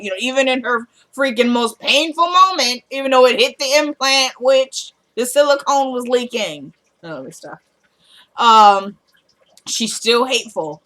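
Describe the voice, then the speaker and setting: Eine Frau mit Südstaatenakzent, die locker eine Serienfolge nacherzählt und die Figuren mit tieferer Stimme zitiert. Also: female voice, normal speed, pushed and bright. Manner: retells scenes, quoting characters in a lowered voice. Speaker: TV episode recap vlogger. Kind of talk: casual recap chat.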